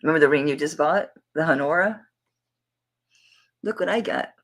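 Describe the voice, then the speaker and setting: A middle-aged woman with a Southern accent chats casually and fondly with viewers while hosting a live jewelry auction stream. She speaks in a low-pitched voice at normal speed, and the audio quality is poor.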